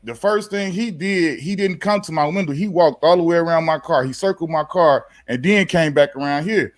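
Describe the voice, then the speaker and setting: Casting: man, 40s, higher-pitched, animated slangy storyteller. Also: normal speed. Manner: animated, slangy, acts out both sides of the exchange. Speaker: podcast guest, former pro basketball player. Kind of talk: casual storytelling.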